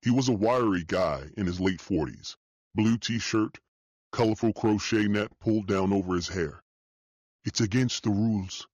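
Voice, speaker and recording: Man narrating a thriller audiobook, steady, lowish voice, dull dry recording. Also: moderate pace, no room sound. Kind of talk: first-person thriller narration.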